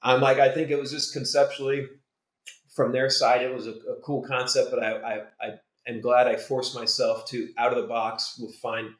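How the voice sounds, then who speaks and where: A man's voice: medium pitch, little pitch movement, normal speed. A man talking as a podcast guest, telling stories with enthusiasm and lots of restarts. His mid-range voice sits in a roomy, echoey space. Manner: enthusiastic storyteller, trailing restarts. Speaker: guest, motion designer. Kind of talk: casual podcast interview. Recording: roomy echo.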